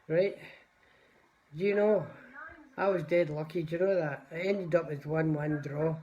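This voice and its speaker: Warm and unhurried, a high-voiced older Scotsman pauses often as he tells wandering stories to his live viewers, welcoming them by name. The recording itself is dull.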